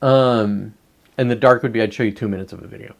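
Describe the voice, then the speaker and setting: A man's voice: on the low side, fairly even intonation, quick pace, creaky. Rambling, profane man on a live stream. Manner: rambling and profane, with many self-interruptions. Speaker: livestreamer. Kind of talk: casual live-stream commentary.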